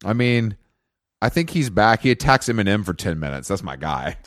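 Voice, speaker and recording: A man's voice: on the low side, very animated, normal speed, dry recording. A man co-hosting a podcast, chatting casually with teasing, profane wisecracks. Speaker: podcast co-host. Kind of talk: casual chat.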